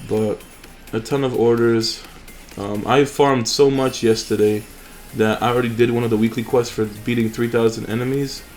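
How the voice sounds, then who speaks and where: A man's voice: mid-range voice, steady tone, normal speed, hardly any pauses, darkish tone, faint music behind. A young man hosting a mobile game channel, chatting casually and rambling with fillers and restarts over his gameplay.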